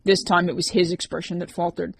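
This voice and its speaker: A woman narrating an audiobook in a steady, even reading voice. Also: fairly low pitch, a little fast, vocal fry.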